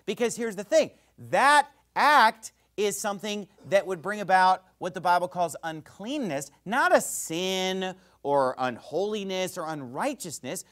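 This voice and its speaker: A man preaching a sermon as pastor, fiery and emphatic, swinging between loud bursts and quiet asides. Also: sits high, animated, a little slow, hardly any pauses.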